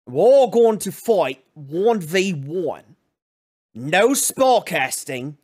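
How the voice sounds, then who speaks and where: A man voicing a crude, slow-witted male combat professor who swears constantly and talks bluntly. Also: sits high, sing-song, a little mellow, breathy edge, heavily acted.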